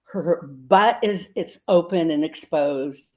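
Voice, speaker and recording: Older woman, halting comic storyteller. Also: deep voice, darkish tone. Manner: halting storyteller with ums and restarts. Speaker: comedian. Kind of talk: casual interview chat.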